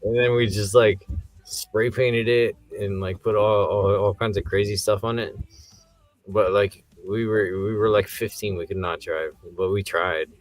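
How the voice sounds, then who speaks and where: A young man co-hosting a casual podcast, telling rambling anecdotes and breaking into high-pitched disbelief. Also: steady tone, measured pace, no room sound. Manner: rambling anecdotes, jumps high in pitch when he gets worked up. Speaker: podcast co-host. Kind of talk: casual movie review chat.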